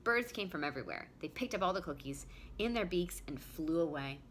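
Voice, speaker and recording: A woman reads a picture book aloud to preschoolers from her home. Her voice is bright and swoops up and down expressively, and she pauses to ask the children questions. A light background hiss sits behind her. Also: sits low. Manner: warm, expressive, talks to young children. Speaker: preschool teacher. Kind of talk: children's storybook reading.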